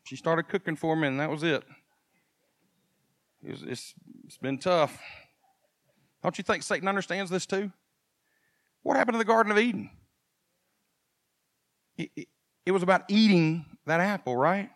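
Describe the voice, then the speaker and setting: High-voiced preaching pastor, man. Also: normal speed, long pauses, dry recording, studio quality. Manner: animated preaching, swinging from quiet asides to loud emphasis; casual, folksy asides. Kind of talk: sermon.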